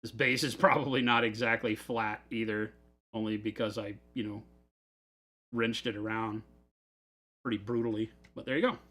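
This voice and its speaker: Guy rambling on a hobby livestream, bright punchy voice, laughs a lot while he tells stories. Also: on the low side, steady tone, normal speed, pauses often. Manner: chatty, rambling storyteller who laughs often. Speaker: hobby store livestream host. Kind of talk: casual live chat while building models. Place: his office at a hobby store.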